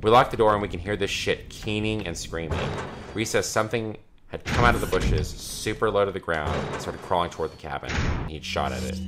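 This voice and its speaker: Over loud music, a man whose voice sits low talks a little fast as he casually reads a creepy story to friends mid-game. This let's play commentator swears freely and laughs between the lines.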